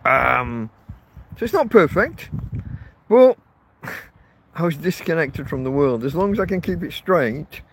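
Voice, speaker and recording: A man rambling casually to his viewers, recorded outdoors in a windy field on a phone. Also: medium pitch. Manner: rambling, self-correcting, chatty. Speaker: vlogger living rough in a field camp. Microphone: phone held in portrait mode. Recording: wind and faint outdoor noise on a phone.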